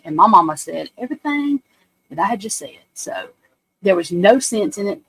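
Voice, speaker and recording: A woman's voice: mid-range voice, expressive, fairly quick, a little hiss or hum, rough recording. Lady in her 40s just rambling on a livestream, cussing, blunt, talks to y'all like friends. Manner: rambling, blunt and profane storytelling, addresses viewers as y'all. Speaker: livestream host. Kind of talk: casual chat on a livestream.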